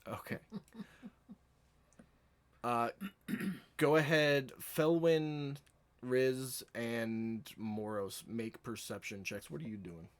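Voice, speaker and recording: A man running a tabletop game as dungeon master, relaxed and laughing often between his descriptions. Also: medium pitch, very slow, long pauses.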